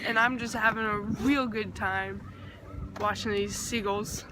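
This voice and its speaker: A woman's voice: medium pitch, fairly even intonation, a little slow. A young woman chatting casually into her phone camera on a pier, giggly and often laughing. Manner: giggly, keeps breaking into laughter. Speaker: vlogger. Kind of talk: casual vlog chat. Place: outdoors on a pier by the water. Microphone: phone camera held by the speaker. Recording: outdoor phone recording with background noise.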